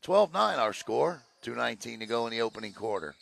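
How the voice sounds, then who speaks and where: A man calling a high school basketball game play by play, excitable on big plays and joking between them. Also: a little fast, creaky. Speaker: play-by-play announcer. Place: gym broadcast position.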